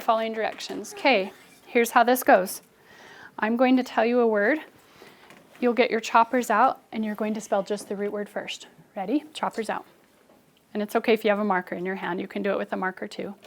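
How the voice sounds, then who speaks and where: A woman's voice: a little high, steady tone, fairly quick, gravelly. A young adult woman teacher leading a phonics lesson with children, coaching them and adding asides to other teachers. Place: classroom. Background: children in class.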